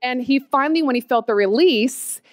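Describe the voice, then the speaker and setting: Woman, 30s, lively testimony storyteller, higher voice, dry close sound. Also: normal speed, no echo. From Oklahoma, USA. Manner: animated storytelling, quotes herself with squeals and laughs. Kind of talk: personal testimony.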